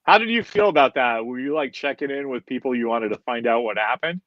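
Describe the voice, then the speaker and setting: A man's voice: mid-range voice, fast, a bit bright, dry recording, dull audio. A man co-hosting a podcast in casual chat, joking and teasing his co-host.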